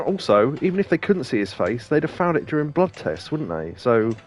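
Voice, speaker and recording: A man's voice: medium pitch, big pitch swings, moderate pace, a little mellow. A man co-hosting a let's play, chatting casually and telling rambling anecdotes with plenty of laughs. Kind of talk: casual chat over gameplay.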